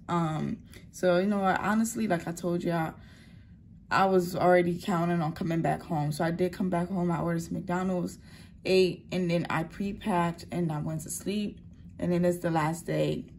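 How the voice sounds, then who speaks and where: A woman's voice: fairly low pitch, a little mellow, slight background noise. A young woman vlogging on her phone, chatty, blunt and candid, with lots of slang. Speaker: travel vlogger. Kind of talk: casual vlog talk to camera. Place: hotel room.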